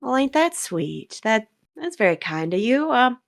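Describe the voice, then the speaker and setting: A woman voicing a kindly, folksy old woman who runs a shop, with a slow, homespun drawl. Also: on the high side, sing-song, vocal fry, voice pushed up, exaggerated voice. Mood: warm, folksy.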